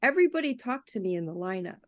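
Woman guest, lively storyteller who acts out quotes, close dry sound. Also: medium pitch, racing, no echo. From Canada. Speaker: festival programmer guest. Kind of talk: casual podcast chat.

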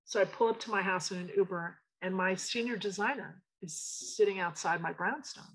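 A woman who owns a design studio, telling stories in a frank, animated, emphatic way in a casual interview. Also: medium pitch, moderate pace, husky, rough recording.

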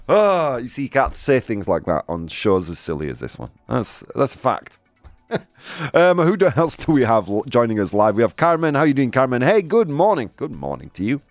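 A man's voice: medium pitch, no echo. A jovial man in his forties hosts a live show and laughs often. His voice swings widely up and down. The room is dry, with faint music behind him. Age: 40s. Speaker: host. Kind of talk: live show hosting chat.

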